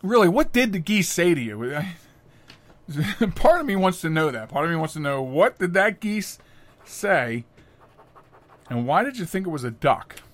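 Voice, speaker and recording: A middle-aged man hosting a podcast, telling stories casually, chatty and animated, often laughing. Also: fairly high pitch, unhurried. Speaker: podcast host. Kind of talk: casual storytelling monologue.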